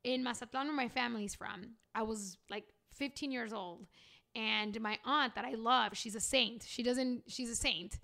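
A woman's voice: on the high side, normal speed, vocal fry. A woman co-hosting a podcast, telling stories animatedly and acting out what people said. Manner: animated storyteller, acts out quotes. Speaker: podcast co-host. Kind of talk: casual chat, storytelling.

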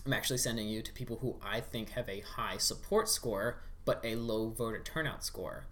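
A man's voice: lowish voice, moderate pace, fairly bright tone. A man chatting as a podcast guest, a former campaign staffer who explains things step by step with frequent ums. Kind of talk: casual explanatory chat.

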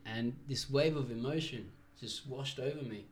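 A young man, a podcast guest telling a travel story in an animated, casual way. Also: mid-range voice, normal speed, slight background noise. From Israel. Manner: animated, acts out quoted voices, swears freely.

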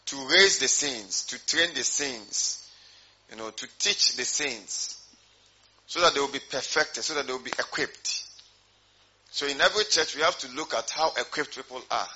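A man's voice: medium pitch, moderate pace, bright, forceful tone, slightly rough, lo-fi sound. A man preaching a sermon as pastor, repeating his points and putting questions to the congregation.

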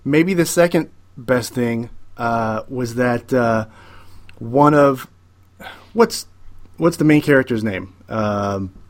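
A man co-hosting a casual chat about a TV show, animated and opinionated, repeating words as he builds his point. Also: medium pitch, takes it slowly. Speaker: podcast co-host.

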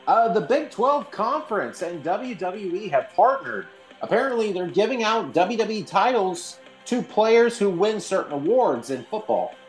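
A man's voice: high-pitched, very animated, normal speed, hardly any pauses, echoey room, faint music behind, low-quality recording. A man co-hosting a wrestling podcast, reading the news in a loose, jokey way and laughing along. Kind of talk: casual chat.

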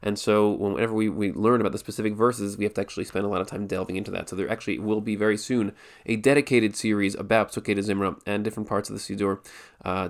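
A man teaches a lesson in a steady, explanatory way. He thinks aloud, often restarting phrases and repeating words as he works through each idea. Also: fairly low pitch, vocal fry. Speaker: Torah teacher. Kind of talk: spoken Jewish law lesson.

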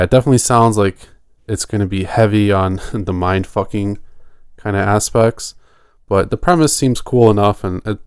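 Low-voiced man, smooth and dry. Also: no room sound. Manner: relaxed, rambling, laughs often. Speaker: podcast co-host. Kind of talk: casual horror podcast chat.

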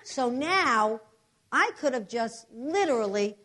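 Woman preacher, animated testimony storyteller, voice a bit high. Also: slow. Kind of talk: sermon testimony.

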